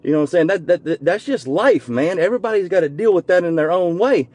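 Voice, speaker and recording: A man's voice: high-pitched, lively intonation, quick pace, no echo. A man, telling a heartfelt personal story in a folksy, earnest way from inside his car. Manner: earnest, folksy, grows quiet and emotional. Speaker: vlogger.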